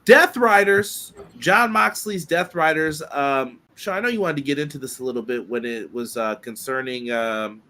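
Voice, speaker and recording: Animated male wrestling podcast host. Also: a little high. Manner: fast, animated opinions with frequent fillers. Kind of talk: casual wrestling podcast chat.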